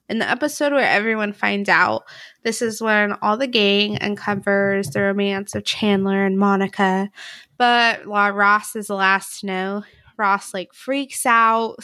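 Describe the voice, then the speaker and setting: A woman's voice: mid-range voice, sharp tone, dry recording, clean studio sound. A young woman in her twenties hosting a casual podcast, upbeat and joking, chatty with lots of "like". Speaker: podcast host.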